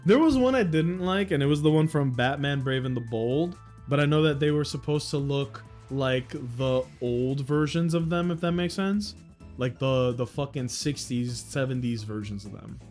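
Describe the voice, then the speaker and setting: A young man chatting casually on a livestream, excitable and swearing, with sudden loud outbursts. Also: medium pitch, normal speed, soft background music. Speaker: streamer.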